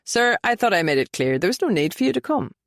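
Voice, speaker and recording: A woman voicing a reserved young man who speaks quietly and carefully. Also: mid-range voice, sing-song, creaky, no room sound, studio quality. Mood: measured. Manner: quiet and measured.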